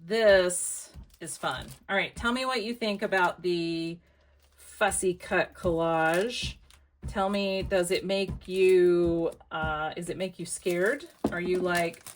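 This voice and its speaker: A woman with an American accent, chatting casually to her viewers while she makes a collage, thinking out loud as she works. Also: fairly low pitch, slow. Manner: chatty, thinks aloud, talks to viewers as y'all. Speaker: craft vlogger. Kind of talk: casual crafting chat to camera.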